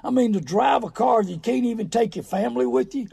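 A middle-aged man delivers a folksy, sermon-like radio monologue, his voice high-pitched and rough with gravel. The tone is dark and mellow, and he breaks into emphatic, loud bursts now and then. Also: fast. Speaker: radio show host on car buying. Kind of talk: preachy talk radio monologue.

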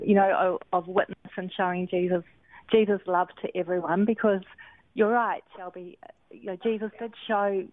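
A woman's voice: on the low side, no room sound. A woman, an author on a call-in radio show, talking thoughtfully about scripture with many ums and restarts. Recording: phone-like thin line.

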